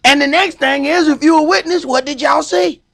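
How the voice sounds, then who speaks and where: Man, priest, sermon, emphatic, high voice, gravelly. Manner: emphatic preaching, slows and shouts for stress.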